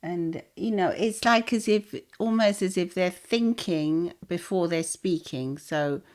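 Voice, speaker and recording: A woman with a fairly low voice co-hosting a relaxed chat. She speaks thoughtfully and agreeably, chiming in with soft affirmations between her longer points. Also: measured pace. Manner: reflective, agreeable, adds short affirmations. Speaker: podcast co-host. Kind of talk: casual chat.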